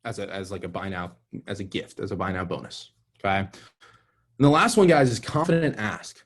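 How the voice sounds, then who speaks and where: A young man giving an energetic, direct sales training talk, calling his audience "guys". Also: sits low, brisk.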